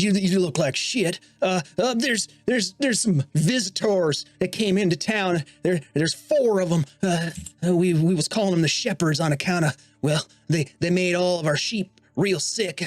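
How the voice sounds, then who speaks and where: A man voicing a short, stout gnome man who is frightened but determined, speaking in a rough rural drawl and stammering. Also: high-pitched, no room sound.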